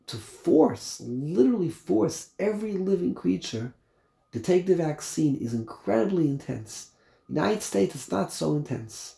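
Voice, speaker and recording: A man's voice: a little high, vocal fry, mellow. A man teaching a verse-by-verse Torah class, mixing Hebrew terms into English, emphatic, with many repeated phrases and rhetorical questions. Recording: roomy echo, faint ambience.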